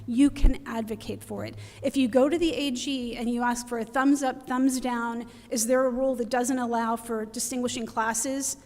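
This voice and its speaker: A woman's voice: a little high, fairly even intonation, normal speed, hardly any pauses, darkish tone. A middle-aged woman giving an impassioned public comment at a council meeting, pleading and close to tears. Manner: pleading, emotional, urgent. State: near tears. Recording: reverberant hall.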